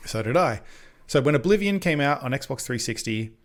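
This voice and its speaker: A man's voice: medium pitch, expressive, moderate pace. A man co-hosting a podcast in casual chat, rambling and swearing freely, often correcting himself mid-sentence. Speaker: podcast co-host.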